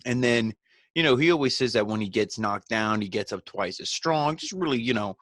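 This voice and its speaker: A man hosting a podcast, giving a relaxed, rambling, conversational recap of a wrestling show. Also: mid-range voice, brisk, dry recording, clean studio sound. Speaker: podcast host.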